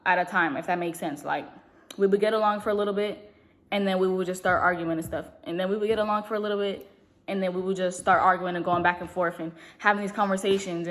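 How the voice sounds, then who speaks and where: A young woman vlogger telling a long story in a casual, rambling way, talking fast and full of fillers. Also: medium pitch. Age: young adult. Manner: speaks fast.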